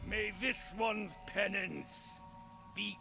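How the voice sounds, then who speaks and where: An actor playing a zealous inquisitor guard in a video game, who refers to himself in the third person with slow, ritual phrasing. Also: male voice, high voice, vocal fry, over music, exaggerated voice. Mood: solemn.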